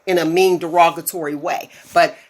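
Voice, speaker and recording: A woman in her forties telling stories in casual chat as a podcast host, animated and often laughing. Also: on the low side, normal speed. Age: 40s.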